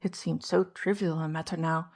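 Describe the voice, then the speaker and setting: Woman audiobook narrator, lower voice, steady and measured delivery. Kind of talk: scripted narration.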